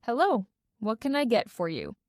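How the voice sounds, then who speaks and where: Woman doing a polite coffee shop guy, brisk questions, lively ups and downs, storybook reading. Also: extremely high pitch, no room sound, studio quality, full character voice.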